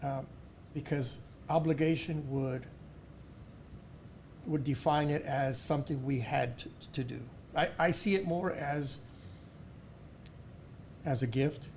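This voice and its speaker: A middle-aged man with a South Texas accent, a podcast guest who tells stories warmly, often restarting and repeating words. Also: on the high side, takes it slowly, pauses often, slight background noise. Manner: warm storytelling with many restarts and repeated words. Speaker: podcast guest, school board member. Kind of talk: casual interview storytelling.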